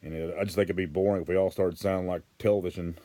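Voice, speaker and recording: Deep-voiced Western Arkansas man. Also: steady tone, very fast, dark tone, dry recording. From Arkansas, USA. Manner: rambling, repeats and restarts, plainspoken. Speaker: vlogger. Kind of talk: casual talk to camera.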